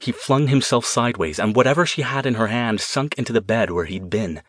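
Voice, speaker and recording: A man narrating an audiobook in a tense, measured storytelling manner. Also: medium pitch, fairly bright tone, no room sound, studio quality. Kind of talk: scripted narration.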